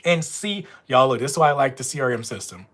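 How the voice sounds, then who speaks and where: A man's voice: medium pitch, expressive, quick pace, fairly bright tone. A man with a Louisiana accent, chatting casually with viewers on a live stream from home. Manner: chatty, talks straight to viewers. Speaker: notary running a live stream. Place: at home with dogs nearby.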